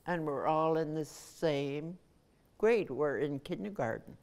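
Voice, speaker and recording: Slow low-voiced older woman. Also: lively intonation, a little mellow. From Nunavut, Canada. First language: Inuktitut. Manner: measured, pausing between phrases. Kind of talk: personal recollection.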